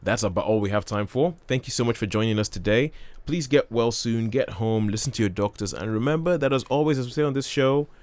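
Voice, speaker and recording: A man's voice: mid-range voice, a little fast, hardly any pauses, a little mellow, no room sound. A man hosting a radio show, chatting casually about films and laughing often. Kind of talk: casual film chat.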